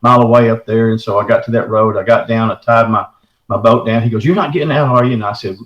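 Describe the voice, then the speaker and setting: A man's voice: lowish voice, little pitch movement, fast talker, a bit bright, dull audio. Earnest middle-aged man, echoey sound. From Texarkana area, southern United States. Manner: earnest, folksy, keeps saying "man". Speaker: caller telling his encounter. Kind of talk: recounting a personal story.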